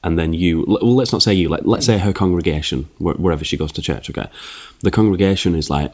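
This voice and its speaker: A man's voice: low-pitched, quick pace, hardly any pauses, a little mellow. A man co-hosting a podcast, ranting and joking in casual chat with stumbling restarts. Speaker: podcast co-host.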